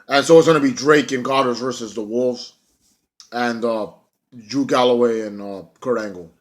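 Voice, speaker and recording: A man's voice: mid-range voice, a bit bright. A young man giving a casual spoken review, blunt and rambling, swearing often and filling with ums and likes. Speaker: wrestling show reviewer.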